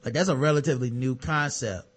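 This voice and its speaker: A man's voice: medium pitch, fast, slightly rough. Sarcastic man reading news on a podcast. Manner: sarcastic, profane commentary between read-out news items. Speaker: podcast co-host. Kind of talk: casual podcast chat reading news aloud.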